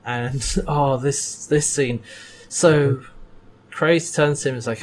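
A man's voice: mid-range voice, fairly even intonation, takes it slowly. A man co-hosting a chat podcast, recapping a TV episode and acting out the characters' lines with laughs. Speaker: podcast co-host.

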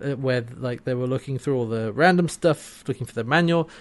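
A man's voice: mid-range voice, brisk. A man co-hosting a casual podcast, recapping a TV episode, often laughing and acting out lines. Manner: chatty, laughs often, acts out quotes. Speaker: podcast co-host.

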